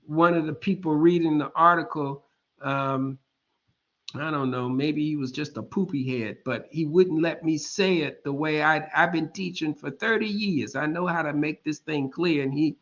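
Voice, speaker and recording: A man in his fifties giving an online lecture, explaining slowly and deliberately, often checking in with students and dropping informal jokes. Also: a little high, a bit bright, highs cut off. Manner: slow, deliberate explaining, keeps checking in with "all right?"; informal and joking asides.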